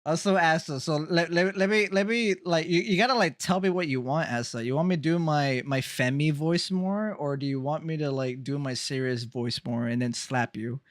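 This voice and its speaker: Guy streamer chatting loose, kinda high voice, dry sound, lots of teasing and laughs. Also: normal speed, hardly any pauses, no echo. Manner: teasing, laughs often, swears freely. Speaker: game streamer. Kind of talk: casual live-stream chat.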